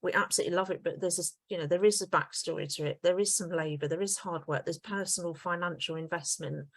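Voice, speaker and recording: A woman's voice: lowish voice, fast, no echo. A woman co-hosting a podcast, praising her guest in long, effusive, running sentences. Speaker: podcast co-host. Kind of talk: casual interview chat.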